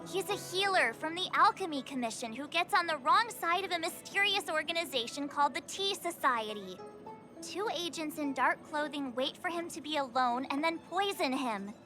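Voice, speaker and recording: A high, bright young female voice in a video game, plays an eager sidekick who loves sharing stories. Her tone is sharp and lively, with faint game music underneath. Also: normal speed.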